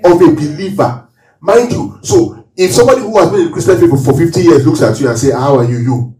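A man's voice: on the high side, fairly quick, a little mellow, faint music behind. A man preaching as a pastor, leading his congregation through call-and-response Bible reading and teaching from the verses. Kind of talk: sermon. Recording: roomy hall, voice from far off.

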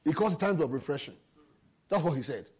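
A man's voice: on the high side, quick pace, slightly rough. A man preaching a sermon, explaining scripture with emphasis and personal stories. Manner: lively, emphatic Bible exposition with personal stories.

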